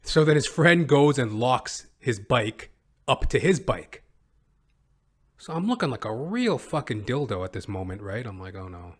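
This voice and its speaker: A young man hosting his own podcast, telling a comic story in an animated, profane, self-mocking way. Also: medium pitch, a little slow, husky. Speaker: podcast host. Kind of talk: comedic storytelling monologue.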